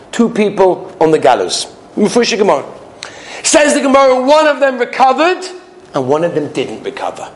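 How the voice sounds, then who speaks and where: A man preaching a sermon in an animated storytelling way, with rhetorical questions and emphatic repetition. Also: high-pitched.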